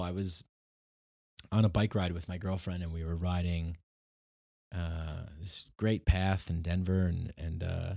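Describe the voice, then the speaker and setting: A man's voice: low voice, darkish tone, no room sound, clean studio sound. A man hosting his own podcast, telling a personal story in a rambling, casual way with many restarts and acted-out quotes. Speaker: podcast host.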